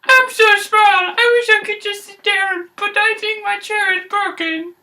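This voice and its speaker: A man voicing a tiny, plaintive baby bear in a squeaky, high voice. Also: steady tone, a little slow, pushed and bright, distant mic, heavily acted.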